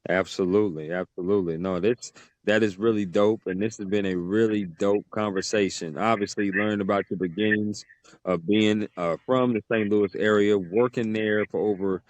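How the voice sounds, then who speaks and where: A man's voice: on the low side, fairly even intonation, normal speed, darkish tone, no room sound. A man hosting a podcast interview, talking casually and with enthusiasm. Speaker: podcast host.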